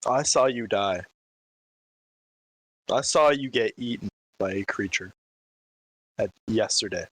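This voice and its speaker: A man's voice: fairly low pitch, slow, fairly bright tone, no room sound, rough recording. A man playing his character at a tabletop game, talking in a confrontational way. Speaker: player.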